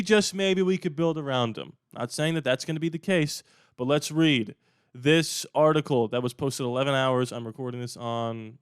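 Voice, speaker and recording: Man, smooth clear voice, dry close sound, casual emphatic sports commentary, mid-pitched. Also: no room sound. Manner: opinionated, emphatic, conversational. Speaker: YouTube sports channel host.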